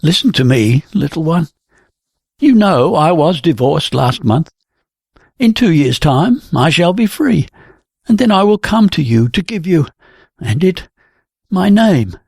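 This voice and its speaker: A man's voice: a little high, sing-song, unhurried, vocal fry, long pauses, a little mellow, breathy edge, no room sound, studio quality, exaggerated voice. A reader voicing an older man who pleads earnestly and insistently. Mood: pleading. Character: aging man, pleading and protective.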